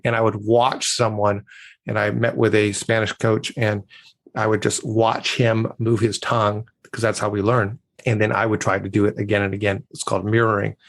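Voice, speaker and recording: A man's voice: fairly low pitch, gravelly. A man from the United States, a communication coach, giving confident, emphatic advice as a guest on a podcast interview.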